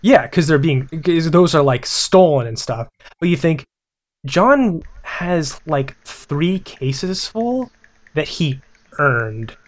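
A man's voice: on the high side, lively intonation, slow pace. A young man casually chatting about movies, rambling with many restarts and fillers. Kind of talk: casual film chat.

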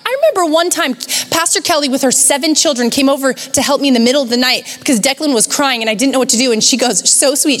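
A woman's voice: sits high, fast. A middle-aged woman pastor giving a live sermon in a church, telling stories with energy and acting out other people's voices. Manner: animated storytelling, acts out voices. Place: church sanctuary. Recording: live in a reverberant church hall.

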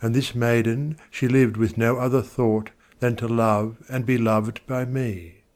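A man recites verse in a slow, deliberate cadence, letting repeated words swell and fall. His voice is smooth and resonant, with a theatrical, dramatic delivery. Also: mid-range voice, little pitch movement, darkish tone. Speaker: poetry reader.

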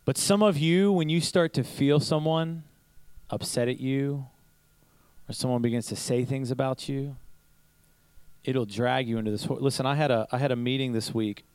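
A man's voice: mid-range voice, steady tone, moderate pace, darkish tone, clear, resonant tone, dry recording, poor audio. A pastor preaching to his church in a conversational sermon, telling stories, asking rhetorical questions and chuckling now and then. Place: church service.

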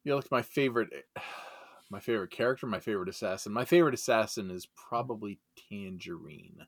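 A man chatting casually about movies on a podcast, excitable and quick to jump up in pitch. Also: no room sound, studio quality. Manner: excitable, jumps up in pitch when amused.

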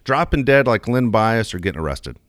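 A man's voice: lowish voice, very animated, brisk, no room sound, clean studio sound. A middle-aged man speaking frankly in a casual chat about his kids, often restarting his sentences. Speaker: podcast co-host.

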